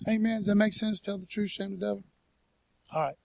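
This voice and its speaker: A man's voice: high-pitched, steady tone, brisk, creaky, a little hiss or hum. A man preaching a casual, conversational sermon in church, folksy, with lots of "man" and "you know". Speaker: pastor.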